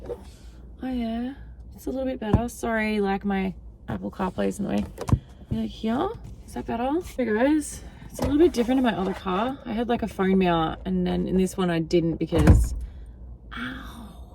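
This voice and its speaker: A woman's voice: mid-range voice, brisk, vocal fry, noisy background. A tired young woman vlogging casually in her parked car at night, chatty and rambling, talking into her phone. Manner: chatty, rambling, many fillers. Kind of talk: casual chat. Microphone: phone camera.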